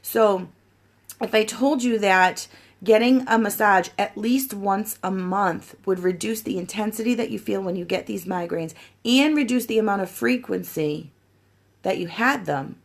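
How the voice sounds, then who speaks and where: A woman's voice: medium pitch, moderate pace, vocal fry. Chatty woman coaching her team. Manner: chatty, animated, acts out sales chats. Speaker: sponsor training her team. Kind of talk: casual coaching talk with role-play examples.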